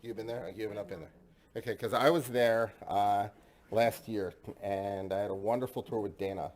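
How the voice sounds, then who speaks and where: A man's voice: fairly low pitch, fairly even intonation, moderate pace, a little mellow. A man hosting a casual tasting discussion, enthusiastic and chatty, often repeating himself. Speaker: host.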